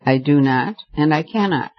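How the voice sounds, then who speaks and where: Casting: male reader voicing a poised young woman, firm and decided, lifted pitch, slightly dull recording. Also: natural voice. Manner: measured, firm refusals.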